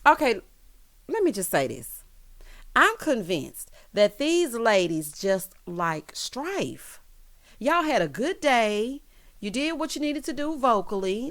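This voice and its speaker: A woman giving a casual recap of a reality show, sassy and animated, who talks straight to the cast members as she goes. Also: on the high side, normal speed. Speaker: recap vlogger.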